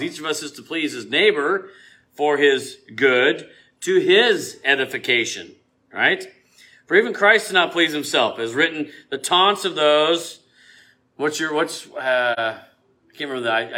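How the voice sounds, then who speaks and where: Man, casual preacher, bright tone, chatty with frequent laughs, gets loud on scripture. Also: medium pitch. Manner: conversational, chatty, rising to loud emphasis when quoting scripture; laughs often and uses many fillers and restarts. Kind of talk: informal sermon.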